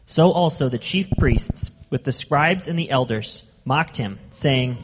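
A man reading scripture aloud in a church service, at a steady, measured pace. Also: mid-range voice, breathy edge, in a large hall. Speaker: scripture reader.

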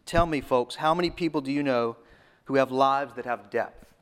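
A man preaching a sermon, repeating phrases for emphasis and often dropping to a low, hushed voice. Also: moderate pace, clean tone.

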